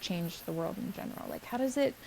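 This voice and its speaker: A woman's voice: fairly low pitch, lively intonation, fairly quick, gravelly, dark tone, a little hiss or hum, poor audio. A woman hosting a podcast, asking long, enthusiastic, rambling questions. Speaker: podcast host. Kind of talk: podcast interview.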